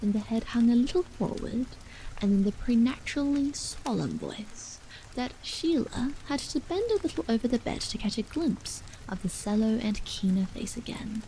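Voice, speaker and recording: A woman reading a horror novel aloud as a soft, half-whispered ASMR bedtime story. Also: fairly high pitch, animated, moderate pace, slight background noise, rough recording.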